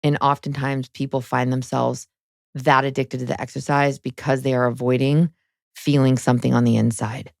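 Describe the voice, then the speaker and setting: A woman's voice: extremely low pitch, flat delivery, normal speed, gravelly, darkish tone, no echo, clean studio sound. A woman in her thirties, a guest on an interview show, telling her personal story frankly and emotionally, with many "like" fillers. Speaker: guest, spiritual guide.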